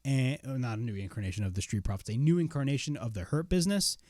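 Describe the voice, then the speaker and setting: A young man giving a casual spoken wrestling review, blunt and excitable, swearing freely. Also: mid-range voice, quick pace, dry recording, studio quality.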